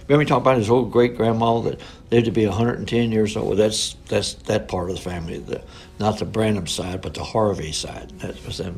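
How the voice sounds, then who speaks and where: Elderly man, low gravelly voice, folksy rambling storyteller, faint music behind. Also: darkish tone. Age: 80s. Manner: folksy, rambling, colloquial grammar. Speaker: minister's son recounting family photos. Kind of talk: informal storytelling.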